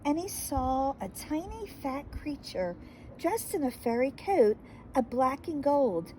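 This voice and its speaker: Storyteller woman reading to kids, slow and mellow, lively melody. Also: high-pitched, a little hiss or hum, rough recording. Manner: slow, expressive and gentle. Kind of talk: reading a children's picture book aloud.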